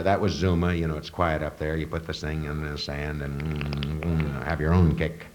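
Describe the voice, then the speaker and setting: Deep-voiced comedian over crowd noise. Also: male voice, rough recording. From northern US. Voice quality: rambling, stop-start delivery. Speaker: stand-up comedian. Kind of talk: stand-up routine. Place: stage before a live audience. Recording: live audience crowd noise.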